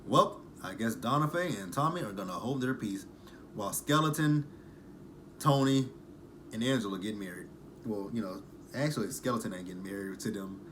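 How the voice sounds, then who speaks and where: A man's voice: fairly low pitch, lively intonation, normal speed, a bit bright, slight background noise. Sarcastic, chatty man recapping TV. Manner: chatty, sarcastic, uses profanity. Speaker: reality TV recap host. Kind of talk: casual reaction vlog.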